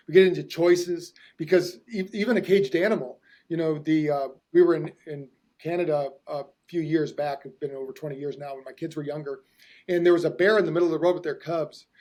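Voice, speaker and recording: A middle-aged man with a high voice hosts a casual podcast chat. He explains with enthusiasm, running one thought into the next. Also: fairly even intonation, fairly quick, darkish tone. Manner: enthusiastic, explanatory, talks in long run-on thoughts. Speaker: host, hypnotherapist.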